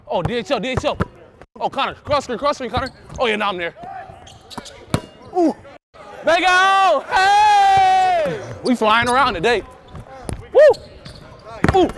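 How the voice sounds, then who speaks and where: A young man with a high, swooping voice trades loud, playful hype and teasing with teammates, picked up on a body mic. Behind him a busy indoor gym carries players calling out and balls bouncing. He talks like a college player mid-practice. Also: background noise. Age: young adult. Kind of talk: mic'd up practice chatter. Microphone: body-worn mic.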